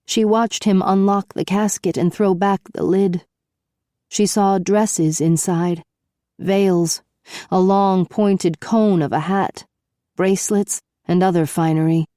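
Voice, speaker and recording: A woman reading a novel aloud in a measured storytelling manner. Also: medium pitch, fairly even intonation, dark tone, dry recording, studio quality. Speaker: audiobook narrator. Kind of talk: scripted narration.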